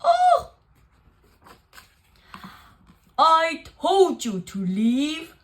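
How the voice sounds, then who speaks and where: A woman voicing a grumpy male bear in a storybook, shouting indignant commands. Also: high-pitched, very animated, slow pace, voice pushed up, heavily acted. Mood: exasperated.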